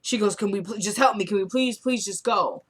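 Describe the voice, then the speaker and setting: A woman talks through a recap of a TV drama episode in a relaxed, chatty way. She retells the scenes by voicing the characters' lines and breaks in with her own blunt opinions. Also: medium pitch, a little fast, husky. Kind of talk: casual recap chat.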